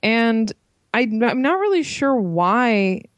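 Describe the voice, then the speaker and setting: A woman's voice: on the high side, big pitch swings, takes it slowly, no room sound. A young woman co-hosting a podcast, chatting casually about a film, with lots of fillers and frequent laughs. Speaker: podcast co-host, film reviewer.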